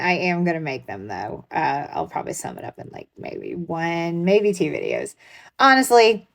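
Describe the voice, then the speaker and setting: In this update for her true crime channel, a young creator speaks in a lowish voice with no room sound. Her delivery is casual, full of fillers and restarts.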